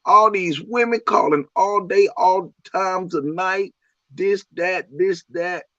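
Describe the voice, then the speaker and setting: A woman's voice: lowish voice, takes it slowly, no echo, pitched above the performer's own voice. A man quoting his angry aunt as she scolds him and cusses him out. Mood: scolding. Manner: scolding, cussing. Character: angry cussing aunt, middle-aged woman. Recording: dull lo-fi audio.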